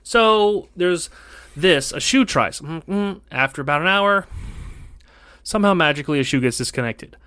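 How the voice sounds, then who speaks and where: A man hosting a casual podcast, telling a long story in an animated, rambling way with many self-corrections. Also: fairly high pitch, normal speed, clean tone, no room sound, studio quality. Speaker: podcast host.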